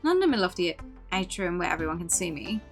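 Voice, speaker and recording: A woman's voice: on the low side, big pitch swings, quick pace, over music. A woman reading game dialogue aloud, voicing a frazzled, sarcastic male guest coordinator quitting over the phone. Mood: exasperated. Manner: sarcastic, exasperated.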